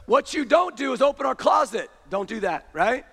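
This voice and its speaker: A man preaching with a high, light voice, his words ringing out in a long hall reverb. He swings from fervent shouts down to low, hushed intensity as he drives his sermon home. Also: sing-song, normal speed, creaky, breathy edge. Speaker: pastor.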